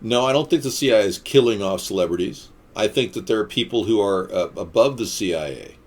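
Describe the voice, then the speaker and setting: Lively rambling man on a live stream. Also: on the low side, a little fast. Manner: rambling, deadpan-joking, rants and quips. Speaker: livestream host. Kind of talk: casual live-stream chat answering viewer comments.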